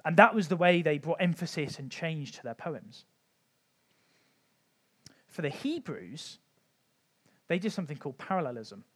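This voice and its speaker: A man's voice: fairly high pitch, animated, moderate pace, long pauses, fairly bright tone, slightly rough. Chatty man teaching about the Bible. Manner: conversational, frequent ums, light humour. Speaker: church teacher. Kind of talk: informal Bible teaching talk.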